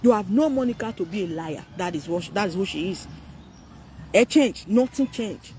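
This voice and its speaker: A man's voice: high-pitched, animated, moderate pace, a little mellow, slight background noise. A man with a Nigerian accent talking to viewers on a live stream, ranting animatedly and mixing Pidgin, Yoruba and English.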